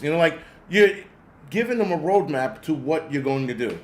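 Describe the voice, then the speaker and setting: A man's voice: a little high, lively intonation, normal speed. A man hosting a show, ranting bluntly and sarcastically with plenty of profanity while answering viewer comments. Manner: sarcastic, exasperated. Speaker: host. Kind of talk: ranting commentary reading chat.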